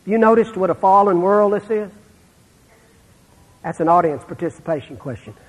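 A middle-aged man preaching a sermon, telling stories and dropping to a hush for the sad parts. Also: high-pitched, expressive, moderate pace, slightly rough, big-room sound, low-quality recording. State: terminal illness, on breathing treatments. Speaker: pastor.

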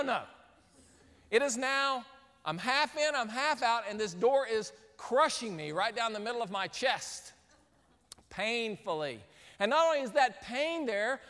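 Guy with a high voice preaching, tells a funny story and acts it all out, big echoey hall. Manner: animated storyteller, acts out scenes. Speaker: speaker. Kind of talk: sermon storytelling. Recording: long hall reverb.

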